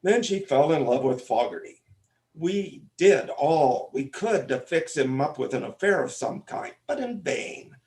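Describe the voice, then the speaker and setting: A pompous, fussing father of the bride, played by a man on stage. His slightly high voice rises and falls in lively, theatrical sweeps. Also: measured pace. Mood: fussy. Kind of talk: stage comic opera acting.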